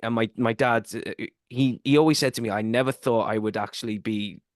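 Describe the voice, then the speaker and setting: A man's voice: medium pitch, fairly even intonation, brisk, dry recording, clean studio sound. A male podcast host, telling a rambling story in a casual chat, full of fillers.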